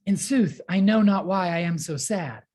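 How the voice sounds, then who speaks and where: A woman with a somewhat low voice lectures her class. She explains things step by step, dropping in small fillers as she goes. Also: animated, moderate pace, mellow. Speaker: teacher.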